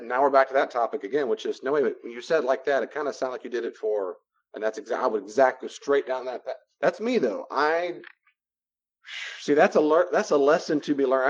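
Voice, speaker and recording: In a muffled recording, a man with a mid-range voice gives a conversational teaching talk on boundaries. He is a Christian counselor, and he animatedly acts out both sides of everyday dialogues.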